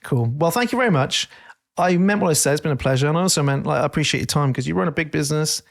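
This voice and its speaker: Playful man with a gravelly voice. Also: on the high side, rapid-fire. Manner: playful, swearing, laughs often. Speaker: podcast host and coach. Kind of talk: casual podcast chat.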